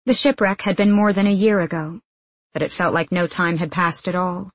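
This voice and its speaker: A woman narrating an audiobook in a measured, even way. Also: lowish voice, no room sound, low-quality recording.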